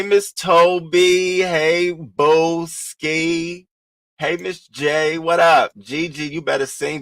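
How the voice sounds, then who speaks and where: A man chats on a morning livestream, calling out viewers by name. His voice sits at a middling pitch but swoops upward with excitement. The sound is dry and close, with no room around it. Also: dry recording. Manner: animated, playful, swoops up high when greeting people. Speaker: livestream host. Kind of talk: casual livestream chat greeting viewers.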